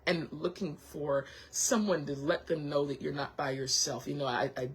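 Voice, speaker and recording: A woman's voice: low voice, fairly even intonation, moderate pace, slightly rough, low-quality recording. A woman hosting a casual motivational chat, encouraging and heartfelt, who thinks aloud with frequent restarts and repeats her reassurances. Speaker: host.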